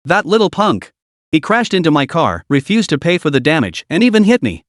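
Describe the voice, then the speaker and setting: A man's voice: fairly high pitch, sing-song, fairly quick, no echo, clean studio sound. A man voicing an arrogant middle-aged woman driver who screams insults. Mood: angry. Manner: screeching, insulting.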